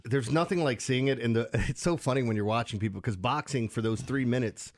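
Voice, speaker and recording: A man's voice: mid-range voice, brisk. A man co-hosting a sports radio show, chatting casually and acting out crowd reactions in his anecdotes.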